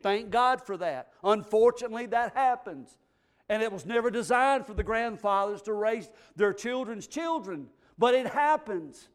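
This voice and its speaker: A man preaching as pastor, emphatic, swinging from low, quiet asides to loud, stressed lines. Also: animated, moderate pace. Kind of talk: sermon.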